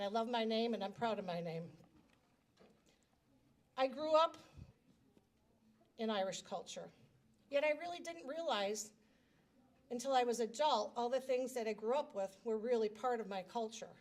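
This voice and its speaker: In a reception hall, a middle-aged woman serving as grand marshal gives a prepared personal speech into a handheld microphone. Her voice is a little high, and she talks in a chatty, self-deprecating way.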